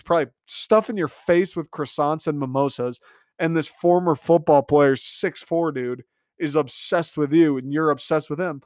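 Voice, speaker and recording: A man's voice: fairly high pitch, moderate pace, a little mellow, dry recording, clean studio sound. A young man hosting a podcast, giving a casual, sarcastic, swearing-heavy recap of a reality TV episode. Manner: sarcastic, ranting, frequent swearing and filler "like". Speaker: podcast host.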